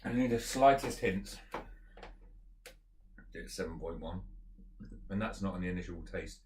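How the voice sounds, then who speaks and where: Laid-back male beer reviewer, lowish voice, rambling and unscripted, faint background hiss. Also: unhurried. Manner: relaxed, rambling, thinks aloud with fillers. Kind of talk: casual beer tasting chat.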